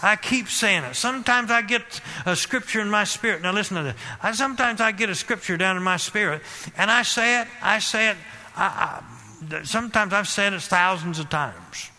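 A man preaching a sermon with fervent, repetitive exhortation that rises to loud emphasis. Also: sits high, normal speed. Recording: long hall reverb.

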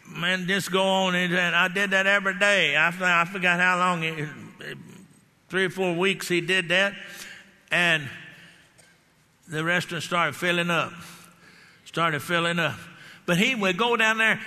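A man preaching a sermon, telling animated stories and shouting declarations. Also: high voice, measured pace, long pauses. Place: church hall. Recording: hall reverb.

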